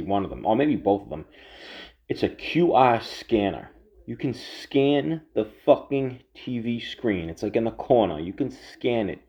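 A man's voice: on the low side, darkish tone. A man ranting in a casual, heated and sarcastic way, cursing often and repeating himself. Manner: heated, profane, repetitive, sarcastic. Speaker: political commentator. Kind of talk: casual rant. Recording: dull lo-fi audio.

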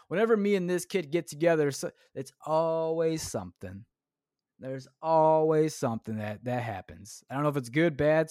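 A man's voice: a little high, no echo, clean studio sound. A man hosting a solo podcast, rambling casually and tossing in "man" and "dude.". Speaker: podcast host. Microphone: clip-on shirt mic.

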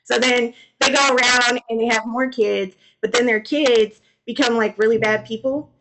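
Young woman, podcast co-host, animated, slangy, comedic storytelling, fairly high voice. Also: moderate pace, noisy background.

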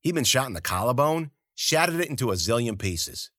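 A man's voice: medium pitch, very animated, a little fast, a bit bright, no room sound, studio quality. A man narrating a first-person story in a gritty, slangy, profane voice. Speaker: audiobook narrator.

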